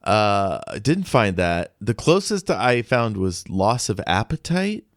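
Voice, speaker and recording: A man's voice: fairly low pitch, sing-song, no room sound. A man co-hosting a podcast, chatting about a film with dry jokes. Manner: slow, dry and joking. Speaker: podcast co-host. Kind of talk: casual film discussion.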